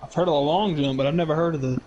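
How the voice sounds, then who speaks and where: A man co-commentating on a sim race, throwing in dry, quick-witted quips. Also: a little high, darkish tone, highs cut off. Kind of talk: live sim racing commentary.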